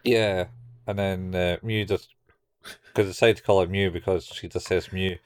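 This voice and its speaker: A man with a fairly low voice, recorded dry and close with no room sound. He talks in a laid-back way and adds plot details as a podcast co-host. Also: fairly even intonation, normal speed, no echo. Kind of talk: casual chat recapping an anime.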